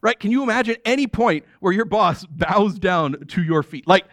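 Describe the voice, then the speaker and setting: An American man preaching a sermon as pastor, conversational and animated, with casual asides. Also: sits high, moderate pace, no echo, studio quality.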